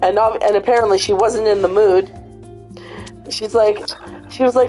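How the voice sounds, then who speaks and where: A woman chatting casually, retelling a funny video with lots of swearing and animated storytelling. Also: mid-range voice, normal speed, pauses often, soft background music, low-quality recording. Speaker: host. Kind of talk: casual chat.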